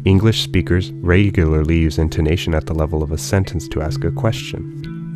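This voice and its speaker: A man narrating a language lesson in a calm, measured, explanatory way. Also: deep voice. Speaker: language teacher. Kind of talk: scripted educational narration. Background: guitar music.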